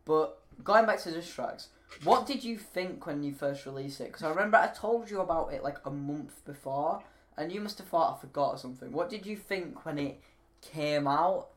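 A man's voice: fairly high pitch, moderate pace. A man co-hosting a casual chat, giggling often and rambling, trailing off mid-sentence and restarting his thoughts.

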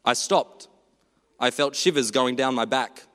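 A man preaching a sermon in a church, earnest and storytelling, moving between hushed and animated delivery. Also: medium pitch, a little slow, in a large hall.

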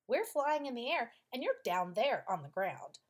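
A woman's voice: a little high, very animated, normal speed. A woman voicing a pair of cautious ducks in a storybook tale. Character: pair of fussy practical ducks.

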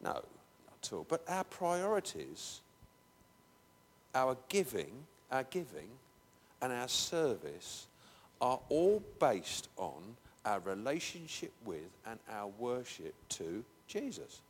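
A man's voice: medium pitch, sing-song, slow pace, husky. A man preaching a conversational sermon in a church, breaking into emphatic, raised bursts. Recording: long hall reverb.

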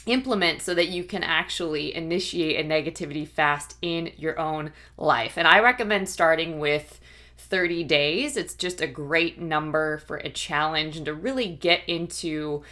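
A woman with a slightly low voice gives a faith-based coaching talk. She sounds conversational and encouraging and keeps checking in with her listeners as she teaches. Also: moderate pace. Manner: warm, encouraging, laughs now and then.

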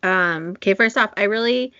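A woman's voice: mid-range voice, moderate pace, bright, forceful tone, no room sound, lo-fi sound. A woman co-hosting a casual podcast, chatty with fillers and laughs. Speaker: podcast co-host. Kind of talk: casual chat.

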